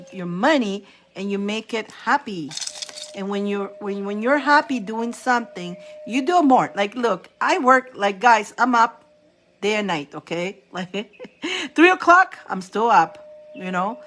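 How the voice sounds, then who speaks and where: A woman, chatting casually on a live stream as a spiritual reader, animated and laughing often. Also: mid-range voice, a little hiss or hum.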